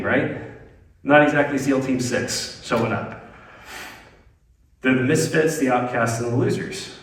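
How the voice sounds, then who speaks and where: A man preaching a sermon as pastor, swinging between loud emphatic lines and hushed ones. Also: fairly high pitch. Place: church sanctuary. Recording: very echoey church hall, mic at a distance.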